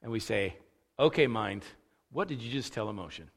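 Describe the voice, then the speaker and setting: A man preaching a conversational sermon, casual and animated, acting out the thoughts he quotes. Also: fairly low pitch, normal speed, gravelly. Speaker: pastor. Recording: long reverb of a large hall.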